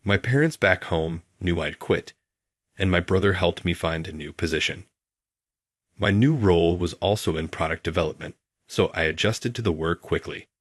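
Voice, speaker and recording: A man tells a first-person story in a steady, measured narration. His voice sits very low and has a husky edge. The recording is dry and close. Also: dry recording.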